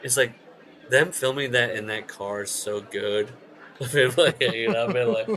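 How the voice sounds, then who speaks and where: A man's voice: mid-range voice, moderate pace, low-quality recording. A man co-hosting a podcast in casual chat, telling stories with plenty of swearing and acting out what others said. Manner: animated storyteller, swears, acts out quoted lines. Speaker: podcast co-host. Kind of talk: casual chat about wrestling.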